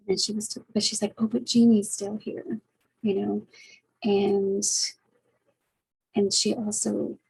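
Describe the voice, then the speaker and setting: A middle-aged woman, a family caregiver, talking through a casual personal vlog in a reflective, halting way with many fillers. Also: mid-range voice, vocal fry, darkish tone, husky, rough recording.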